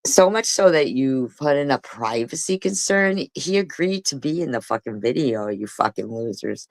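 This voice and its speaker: A woman's voice: extremely low pitch, expressive, moderate pace, no room sound. A woman live streamer ranting angrily and cursing often, repeating herself as she argues with critics. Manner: angry, profane, repetitive. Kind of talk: heated livestream rant.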